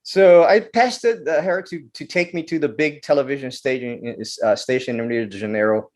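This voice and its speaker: A man from Brazil, a guest filmmaker telling stories in an interview, animated and often repeating words as he goes. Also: mid-range voice, normal speed. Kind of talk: storytelling interview.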